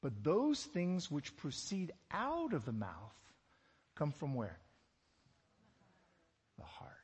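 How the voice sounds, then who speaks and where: A man's voice: a little high, wildly swooping pitch, takes it slowly, darkish tone, slightly rough, long reverb tail. A man preaching a sermon, asking rhetorical questions and dropping joking asides. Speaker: pastor.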